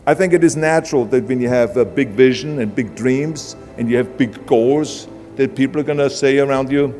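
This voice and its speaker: A man's voice: mid-range voice, moderate pace, hardly any pauses, darkish tone. A man with an Austrian accent giving a blunt, punchy motivational speech. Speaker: motivational speaker. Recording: long hall reverb with music beneath. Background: background music.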